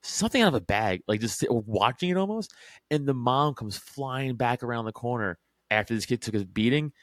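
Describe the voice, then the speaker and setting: A man's voice: mid-range voice, expressive, a little fast, no room sound. A man guest on a podcast, telling stories in rambling, profane casual chat full of fillers.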